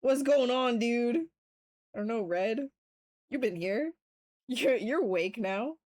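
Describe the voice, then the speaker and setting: A woman chatting casually on a live stream, excitable and swearing freely, bursting into yells and then apologizing. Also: fairly high pitch, takes it slowly. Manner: swears freely, playful trash talk. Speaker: livestreamer sculpting on stream.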